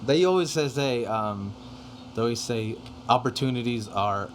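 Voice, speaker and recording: Slight background noise accompanies a young man's medium-pitched voice at an ordinary pace. As a podcast guest recounting studio stories, he chats casually and rambles with lots of fillers and relaxed swearing.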